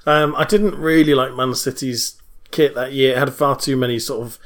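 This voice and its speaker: A man's voice: mid-range voice, normal speed. Male co-host, casual and meandering, giggles at his own gags. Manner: rambling, many fillers and restarts; laughs at own jokes. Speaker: podcast co-host. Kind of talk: casual chat.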